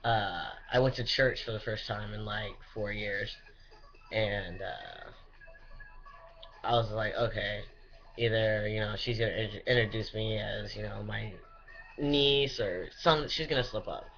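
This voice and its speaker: A man's voice: on the low side, a little slow, creaky, fairly bright tone, a little hiss or hum. A young man giving a casual, rambling personal update, full of fillers and restarts and swearing freely. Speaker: vlogger. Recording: dull lo-fi recording.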